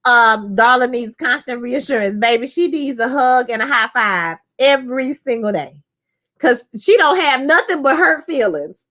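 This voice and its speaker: Sassy, animated woman recapping a show. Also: moderate pace. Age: young adult. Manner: sassy, animated, slangy, breaks into high exclaims. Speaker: show reviewer. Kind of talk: casual recap chat.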